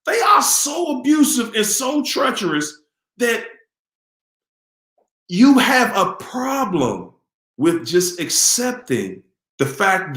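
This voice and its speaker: A man whose voice sits high and a bit bright runs a live question-and-answer stream, with a roomy sound to the recording. Talking casually and with animation, he says things more than once and quizzes his viewers in a preachy tone.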